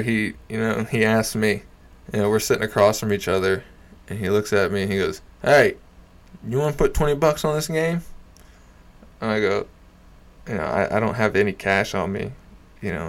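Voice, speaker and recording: A young man casually telling a story, swearing freely, laughing often and dropping into low mutters. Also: vocal fry.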